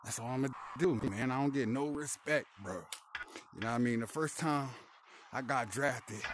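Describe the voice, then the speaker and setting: A man's voice: mid-range voice, normal speed, background noise. Boastful, slangy young man gaming. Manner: boastful, slangy, laughs often. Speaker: VR hockey player. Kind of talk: casual trash talk while gaming. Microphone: VR headset mic.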